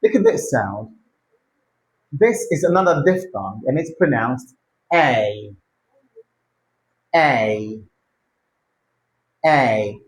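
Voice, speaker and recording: A pronunciation teacher leading a lesson, modelling words slowly and repeating them for the learner to copy, with short encouraging prompts. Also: medium pitch, poor audio. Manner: slow, drawn-out model words repeated for practice.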